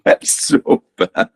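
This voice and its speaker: A man from Brazil with a Brazilian accent, a native Portuguese speaker, chatting as a podcast guest in a dry, teasing way. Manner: dry, teasing, laughs easily. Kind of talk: casual chat.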